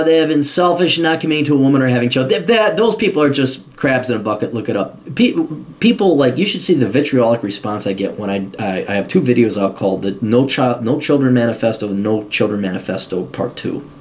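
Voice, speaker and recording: A man's voice: medium pitch, a little mellow. A man giving blunt, profane advice to a viewer, swearing heavily and repeating his points for emphasis. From United States. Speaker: host answering a viewer question. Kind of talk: profane advice rant to camera.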